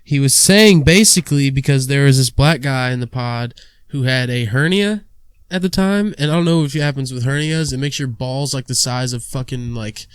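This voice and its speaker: A young podcast host with a smooth, mid-range voice speaks at normal speed in an echo-free recording. In casual chat, he spins a crude, rambling story and acts out the voices of the people in it.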